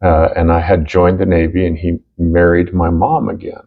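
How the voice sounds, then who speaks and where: A middle-aged man co-hosting a casual chat, talking in a halting, heartfelt way with many fillers and restarts. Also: deep voice, level tone, vocal fry. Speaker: co-host. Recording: dull lo-fi recording.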